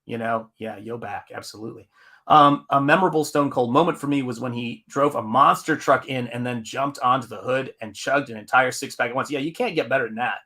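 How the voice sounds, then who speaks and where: A man's voice: mid-range voice, a little fast, pushed and bright. A man hosting his own live stream as a comic artist. He chats casually and rambles, reading viewers' comments aloud with lots of fillers.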